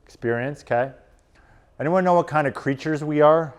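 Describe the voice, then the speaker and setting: Animated male coach presenting. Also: on the high side, normal speed. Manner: casual and animated, lots of "like" and "right?". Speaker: strength and performance coach. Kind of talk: motivational presentation to a live audience. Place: conference room.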